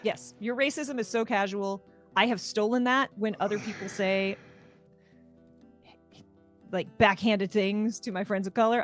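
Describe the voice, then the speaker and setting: A woman co-hosting a casual livestream talk show, an animated storyteller whose voice leaps up for quoted lines. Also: medium pitch, normal speed, pauses often, faint music behind.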